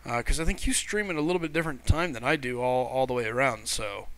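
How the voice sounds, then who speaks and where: A man's voice: mid-range voice, fast, a bit bright. A man with a Missouri twang, hosting a casual live game stream and chatting with viewers in a friendly way. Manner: chatty, friendly, reads viewer comments aloud.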